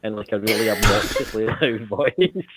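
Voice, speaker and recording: A man from the UK calling in, telling a story in a casual, animated way with plenty of swearing. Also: on the low side, moderate pace, crowd noise. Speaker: caller. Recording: phone-line audio.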